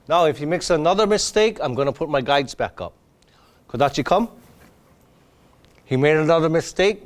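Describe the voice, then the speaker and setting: A man demonstrating dog training, explaining each step in a patient, plain way while he works with his dog. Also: fast. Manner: bursts into high excited praise for the dog.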